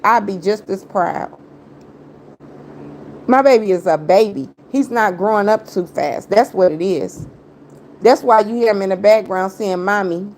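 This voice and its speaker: A woman's voice: fairly high pitch, darkish tone, slight background noise. A woman livestreaming an angry rant at her critics, confrontational and taunting, repeating her jabs in heavy slang. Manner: heavy slang, talks straight at viewers.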